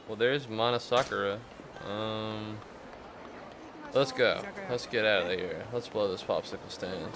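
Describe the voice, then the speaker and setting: A young man streaming a game in casual chat, ranting and swearing with loud exasperated outbursts. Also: on the low side, a little slow, a crowd in the background.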